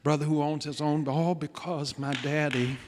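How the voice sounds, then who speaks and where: A pastor telling a personal story in a sermon, dramatic, shifting between loud declarations and hushed moments. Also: male voice, a little high, steady tone, normal speed. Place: large church sanctuary. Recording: long church hall reverb.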